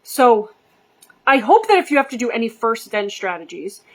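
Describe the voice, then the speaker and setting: A middle-aged woman, a behavior coach, telling a story casually to camera and acting out the quoted voices with lively energy. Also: on the high side, moderate pace. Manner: animated, acts out quoted voices.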